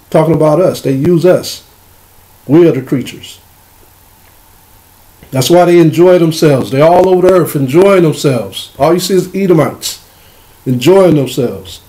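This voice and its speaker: A man teaching a religious lesson. He reads verses slowly and then explains them in loose, casual speech. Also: a little high, warm tone. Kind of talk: scripture reading with commentary.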